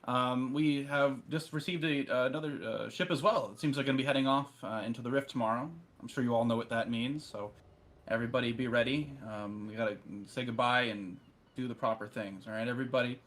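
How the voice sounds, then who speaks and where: A man plays a big naval admiral giving a halting address to his crew, full of pauses and fillers. The voice sits at an ordinary middle pitch. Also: a bit bright, lightly acted. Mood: addressing crowd. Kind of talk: tabletop role-play voicing.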